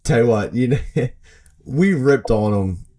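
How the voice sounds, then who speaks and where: A man's voice: medium pitch, expressive, measured pace, dark tone. A man co-hosting a podcast, chatting casually about baseball and acting out players' reactions with bursts of laughter. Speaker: podcast co-host. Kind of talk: casual sports chat.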